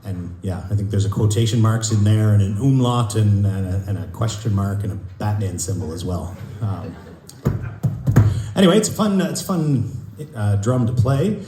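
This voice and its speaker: Halting male folk singer in a church. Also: on the low side, animated, noisy background. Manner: halting, with many restarts, dry joking. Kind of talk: casual stage banter between songs. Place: church, live concert. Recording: roomy church hall, live.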